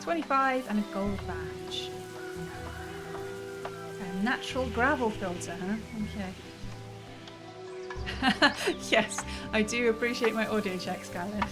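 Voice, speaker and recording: Woman streamer, chatty and musing, mid-pitched, over game music. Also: takes it slowly, long pauses. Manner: chatty, musing aloud, frequent laughs. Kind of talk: casual gameplay commentary. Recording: game music playing behind.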